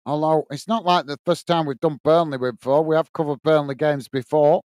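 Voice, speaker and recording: A man's voice: a little high, fairly even intonation, a little fast, a little mellow, smooth, no echo. A man with a Lancashire accent hosting a live football watch-along, giving running play-by-play and reading viewer comments aloud in a friendly, matey way. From England.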